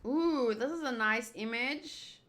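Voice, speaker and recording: Bubbly high-voiced woman reading manga aloud. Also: takes it slowly, a bit bright. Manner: chatty and bubbly, comments as she reads. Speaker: manga readthrough host. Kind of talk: casual manga readthrough.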